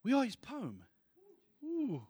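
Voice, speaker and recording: Male pastor, high-pitched, animated sermon, dry close mic. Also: takes it slowly, breathy edge, dry recording, big-room sound. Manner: animated, excitable preaching with sudden soft asides.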